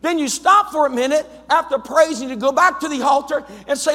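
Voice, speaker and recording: High, bright-voiced preaching man. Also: fairly quick. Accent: Ohio. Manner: fervent preaching, rising to shouts. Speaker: pastor. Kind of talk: sermon. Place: church sanctuary. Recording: long church reverb.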